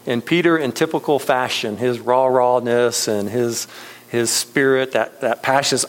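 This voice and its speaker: A man's voice: medium pitch, fairly even intonation, normal speed, rough recording. Conversational male pastor preaching casually. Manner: conversational, many fillers and restarts, chuckles often. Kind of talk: casual sermon.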